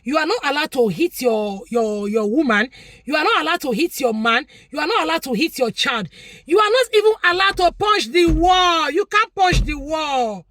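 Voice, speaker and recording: A woman's voice: high-pitched, animated, normal speed, fairly bright tone, slight background noise. A Nigerian woman vlogger giving an opinionated, preachy commentary, repeating her points for emphasis.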